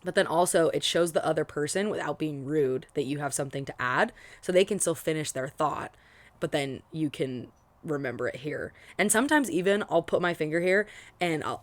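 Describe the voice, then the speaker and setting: Low-voiced young woman rambling about books. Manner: rambling, many fillers and restarts. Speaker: book vlogger. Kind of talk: casual book reaction chat.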